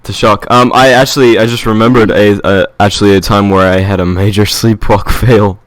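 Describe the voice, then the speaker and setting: A man from England co-hosts a comedy podcast, chatting in a relaxed, casual way with plenty of ums and likes. His voice is on the low side and a little fast, with no echo.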